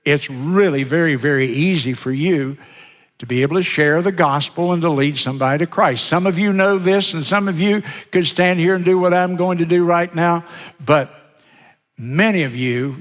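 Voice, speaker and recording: Pastor teaching in a reverberant church. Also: male voice, fairly high pitch. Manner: practical, coaching, demonstrates with a booklet. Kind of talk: teaching sermon. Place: church sanctuary. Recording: long hall reverb.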